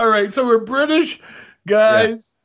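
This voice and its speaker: A man's voice: high voice, slow, fairly bright tone, muffled recording. A man co-hosting a podcast, joking and playful in casual comedy banter, fond of odd words. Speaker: podcast co-host.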